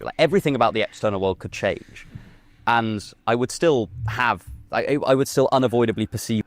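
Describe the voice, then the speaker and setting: Man, debater, mid-pitched, halting, thinking out loud. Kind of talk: debate discussion.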